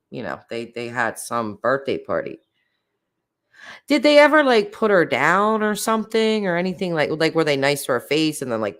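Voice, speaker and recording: A low-voiced woman chats casually on her livestream, talking in a lively, animated way. She breaks into laughter often and reacts freely to her viewers. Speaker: livestream host.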